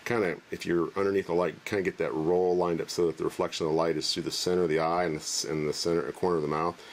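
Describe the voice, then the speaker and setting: Deep-voiced man, casual, rambling trick tutorial. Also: quick pace, a little hiss or hum. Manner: relaxed, rambling, joking. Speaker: magic trick presenter. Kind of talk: casual demonstration.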